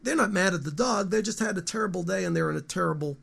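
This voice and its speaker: A man in his fifties with a gravelly, fry-edged voice, pitched a little higher than most men. He rambles through animated stories in a relaxed interview, often restarting his sentences. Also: quick pace. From United States. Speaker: guest musician. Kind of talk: casual interview talk.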